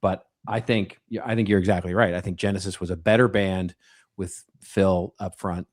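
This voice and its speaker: A man's voice: low voice, steady tone, normal speed, no echo, clean studio sound. A man co-hosting a podcast, chatting casually, joking and laughing easily. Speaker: podcast co-host.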